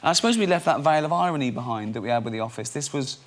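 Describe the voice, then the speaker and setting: A man telling lively anecdotes on a studio chat show, acting out other people's voices. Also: mid-range voice, racing. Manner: animated storyteller acting out voices. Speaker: guest. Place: TV studio with audience.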